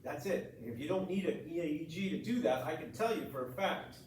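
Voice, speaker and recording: A man's voice: a little high, expressive, brisk. A middle-aged man, a chiropractor telling his story bluntly and with animation to a group. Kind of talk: testimonial talk to a group. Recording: echoey room, mic far off, noisy.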